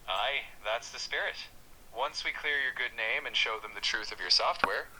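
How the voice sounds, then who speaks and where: A man's voice: mid-range voice, normal speed, background noise, lightly acted. A man's synthetic voice playing a cheery leprechaun helper with an Irish accent, folksy and chirpy. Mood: cheerful.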